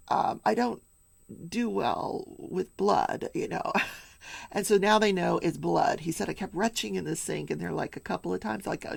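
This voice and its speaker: Gravelly-voiced woman host, hushed asides. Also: mid-range voice, no room sound. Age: older. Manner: animated storytelling, dropping into hushed asides. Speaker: daily crafting and true crime show host. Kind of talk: casual chat recapping a trial while crafting.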